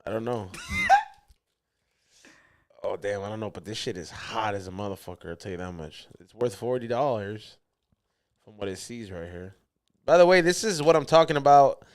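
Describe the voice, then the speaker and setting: A man's voice: on the low side, normal speed, pauses often, a little hiss or hum. A man co-hosting a podcast, telling stories in loose, slangy casual chat. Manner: loose, slangy, animated storytelling. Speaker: podcast co-host.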